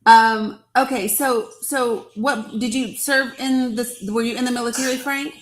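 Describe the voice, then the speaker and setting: A woman's voice: a little high, fairly even intonation, unhurried. Woman running her live stream, keeps pressing her caller with questions, laughs it off.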